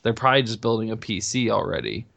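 A man co-hosting a casual podcast. He talks in a relaxed, halting way, often stumbling over repeated words as he works out his point. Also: lowish voice, gravelly. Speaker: podcast co-host.

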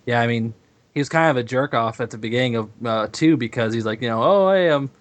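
A man's voice: medium pitch, steady tone, fast. Laid-back young man chatting about games. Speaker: gaming podcast co-host. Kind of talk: casual chat.

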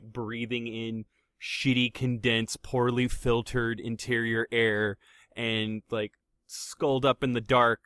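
A man's voice: medium pitch, fairly bright tone, no echo, studio quality. A young man co-hosting a podcast in casual chat, swearing often and stammering through restarts with sarcastic humor. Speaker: podcast co-host.

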